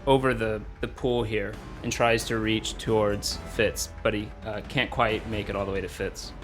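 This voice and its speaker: A man's voice: lowish voice, flat delivery, moderate pace, over music. Easygoing male game master. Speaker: dungeon master. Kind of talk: narrating a tabletop game.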